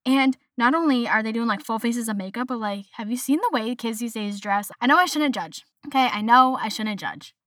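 A woman's voice: a little high, animated, fairly quick, few pauses, fairly bright tone, dry recording, studio quality. A young woman in her twenties hosting a casual solo podcast, ranting in an exasperated, chatty way and mimicking others in quotes. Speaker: podcast host.

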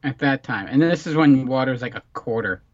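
A man's voice: medium pitch, brisk, no echo. A man co-hosting a podcast in casual chat, tossing in wry, dry quips. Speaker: podcast co-host. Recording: dry, dull lo-fi sound.

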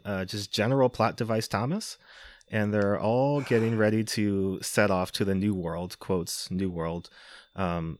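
A low-voiced man recaps a film for a podcast, loose and wry, with frequent "um"s and quick laughs. The sound is dry and close, with hardly any room around him. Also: dry recording. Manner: wry, laughing, filler-heavy. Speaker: podcast host. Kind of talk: casual movie recap.

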